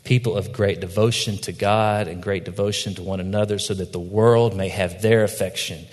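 A pastor delivers a sermon in a low, unhurried voice. His tone is gentle and reflective as he tells stories to the congregation. The sound rings out with the long reverb of a church hall. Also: fairly even intonation. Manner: storytelling with acted quotes, reflective and gentle.

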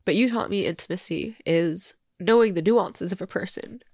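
A woman's voice: on the low side, moderate pace, darkish tone, dry recording, clean studio sound. A woman in her twenties, tearful and candid, reading an old letter aloud and reflecting on it, swearing now and then. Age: 20s.

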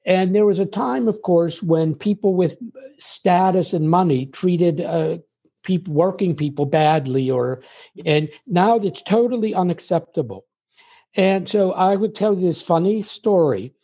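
An older US guest chats in a relaxed interview, his mellow, warm voice sitting high and lacking brightness. He makes his case slowly and evenly through conversational storytelling, drawing on little anecdotes.

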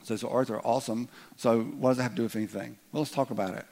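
A man preaching to his congregation. His voice sits at an ordinary middle pitch, and he talks in an easy, chatty way. He now and then breaks into loud, acted shouts. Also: fairly even intonation, very fast, vocal fry. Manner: conversational, joking asides, rises to loud acted outbursts. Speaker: pastor. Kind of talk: sermon.

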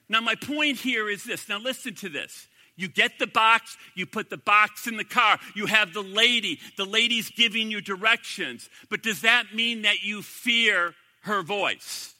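A man's voice: high-pitched, lively intonation, normal speed, pushed and bright, long reverb tail. A man preaching a sermon as pastor, emphatic and repeating his key phrases.

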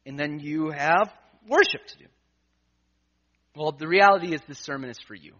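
A pastor preaching from the pulpit, his voice a bit higher than most men's and bright, even forceful, at its core. He tells a personal story, acting out his own thoughts, and swings from hushed asides to emphatic points. The recording is dull and lo-fi. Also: unhurried, long pauses. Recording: dull lo-fi sound.

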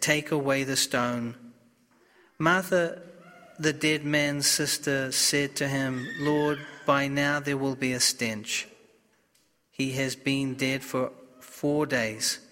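A male priest reading the Gospel and preaching in a slow, solemn, deliberate way. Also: mid-range voice, pushed and bright, long reverb tail.

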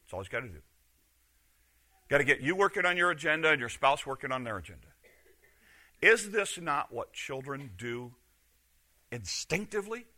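A middle-aged man, a pastor, preaching a sermon with emphatic rhetorical questions that swing from loud to hushed. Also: medium pitch, big pitch swings, moderate pace, pauses often.

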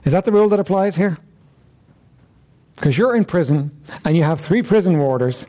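A man's voice: sits high, very animated, moderate pace, pauses often, warm tone. A man preaching an interactive sermon, repeatedly questioning his listeners with emphasis.

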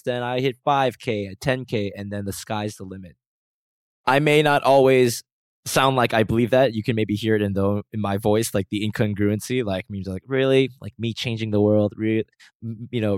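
A male podcast host with a lowish voice runs a solo show on a close mic with no room sound. He mocks himself playfully before shifting into earnest moments, alternating between the two.

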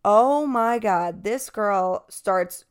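Swearing twenty-something bartender girl ranting on her podcast, smooth clear voice. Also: mid-range voice, extremely slow. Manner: profane, exasperated. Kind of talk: casual storytelling.

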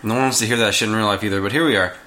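A man's voice: fairly low pitch, racing, sharp tone. A man co-hosting a casual podcast, teasing his friend in dry banter. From Tennessee. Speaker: podcast co-host. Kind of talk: casual chat.

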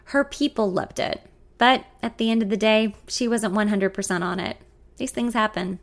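A woman voicing a smooth-talking male charmer. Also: medium pitch, moderate pace, lightly acted. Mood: breezy. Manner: coaxing, sweet-talking, calls her honey and darling.

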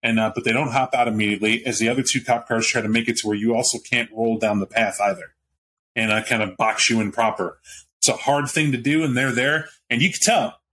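A man's voice: mid-range voice, steady tone, fast talker, fairly bright tone, slight background noise. Casual, rambling game master man. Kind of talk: narrating a tabletop role-playing game.

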